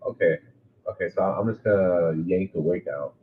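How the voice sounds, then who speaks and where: A man playing in a tabletop game, relaxed and matter-of-fact. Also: deep voice, moderate pace, narrow, tinny audio, slight background noise. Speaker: player. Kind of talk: casual tabletop game play.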